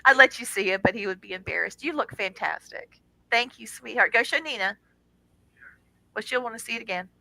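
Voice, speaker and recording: A middle-aged woman, a guest on a radio show, tells a personal story in a casual, animated way and acts out the voices in it. Her voice is on the high side, brisk, and gravelly, and the audio is poor.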